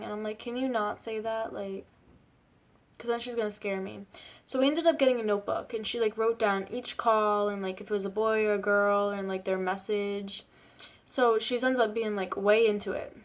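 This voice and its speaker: Chatty young woman telling a story. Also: medium pitch. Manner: chatty, rambling, swears freely, lots of "like". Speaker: vlogger. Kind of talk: casual storytelling.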